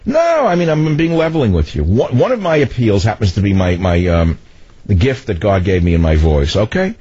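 An older man hosting political talk radio, ranting in a loud, commanding voice. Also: fairly low pitch, sing-song, brisk, dry recording. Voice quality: husky. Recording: dull lo-fi radio broadcast.

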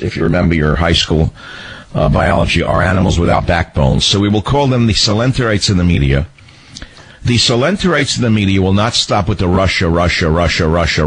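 A man's voice: fairly low pitch, breathy edge, no room sound, poor audio. A man hosting a talk radio show, delivering a mocking, scolding political monologue.

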